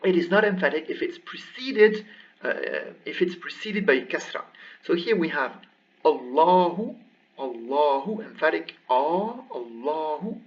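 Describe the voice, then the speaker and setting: A man teaching a recorded language lesson, slowly reading words aloud and repeating them for practice. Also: a little high, expressive, fairly bright tone. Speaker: Arabic teacher. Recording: distant, dull lo-fi mic.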